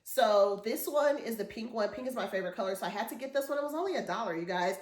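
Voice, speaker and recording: A woman's voice: on the high side, lively intonation, fast. A woman in her forties chatting casually through a shopping haul, rambling and enthusiastic. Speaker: haul vlogger. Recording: echoey room.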